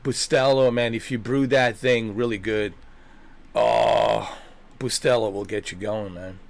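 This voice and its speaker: A man's voice: on the low side, steady tone, measured pace, creaky. A man hosting a gaming channel, chatting casually in a rambling way, swearing and repeating himself.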